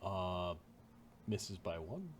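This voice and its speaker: A man's voice: low voice, extremely slow, slight background noise. Chuckling male game master. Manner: relaxed, matter-of-fact with chuckles. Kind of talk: narrating a tabletop game.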